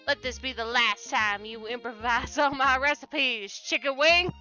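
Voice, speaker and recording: A woman's voice: high-pitched, unhurried, bright, forceful tone. A woman voicing a genteel older male chef who talks down to his partner with pet names. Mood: scolding. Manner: patronizing, pet-name teasing. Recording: slightly dull lo-fi with background music.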